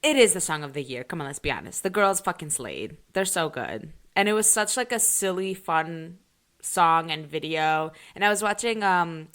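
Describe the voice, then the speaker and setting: A woman in her thirties co-hosting a podcast, chatting casually, laughing often and dropping quick asides. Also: on the low side, a bit bright. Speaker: podcast co-host. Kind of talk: casual chat.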